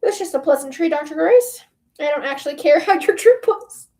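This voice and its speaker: A woman's voice: high voice, expressive, brisk, mellow. Brief: woman reading a matter-of-fact commander, no-nonsense delivery. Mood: curt. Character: brisk, blunt woman in charge of a meeting.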